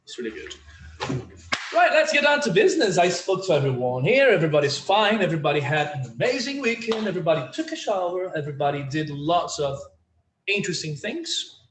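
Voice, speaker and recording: A man's voice: high voice, very animated, fairly quick. A man teaching an online English lesson, chatty and full of fillers, leading the class through phrases to repeat. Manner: chatty, many fillers, drills phrases for repetition. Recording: roomy echo with faint room noise.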